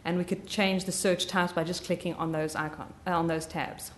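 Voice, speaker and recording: A woman with a slight Southern US drawl giving a live software training, chatty and full of ums and self-corrections. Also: on the low side, flat delivery, normal speed, slight background noise.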